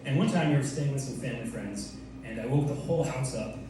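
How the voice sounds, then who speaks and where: A young man performing a stand-up comedy set in a loose, playful way, slipping in quick put-on voices. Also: medium pitch. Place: comedy club stage with audience laughter. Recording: roomy, distant club recording with loud room noise.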